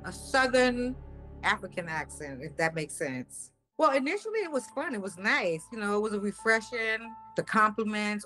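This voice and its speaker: A woman's voice: medium pitch, bright, forceful tone. A woman casually telling her own story in a conversational, hesitant, doubtful way.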